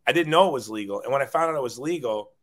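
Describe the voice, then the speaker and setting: A man's voice: mid-range voice, lively intonation, very fast, fairly bright tone. A middle-aged man, a guest on an interview show, telling a personal story in an earnest, rambling way, often repeating words when moved.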